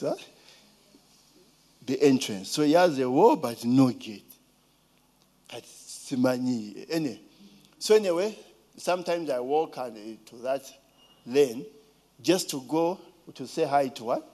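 A man's voice: medium pitch, warm tone. A man with a Ugandan accent telling a casual story, asking rhetorical questions and now and then mimicking a child's voice.

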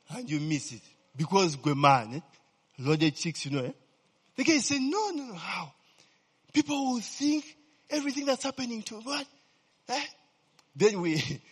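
Husky preacher in a reverberant hall. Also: male voice, fairly high pitch, fairly bright tone. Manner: peppers talk with "eh?" and "okay?" checks to the congregation; asks the crowd questions and fills in his own answers. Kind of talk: humorous conversational sermon.

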